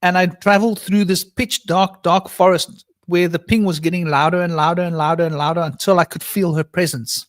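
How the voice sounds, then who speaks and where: A man tells a long personal story on a live panel call, slipping into other voices for quoted lines. His voice sits fairly high. The sound is dry and close, with no room echo. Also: fairly even intonation, a little fast, few pauses. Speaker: panel guest.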